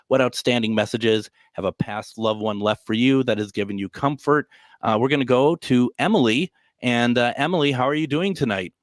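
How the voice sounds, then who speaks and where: A man's voice: medium pitch, dry recording. A man hosting a call-in radio show from a hotel room, talking casually in a rambling, joking way with lots of fillers and restarts.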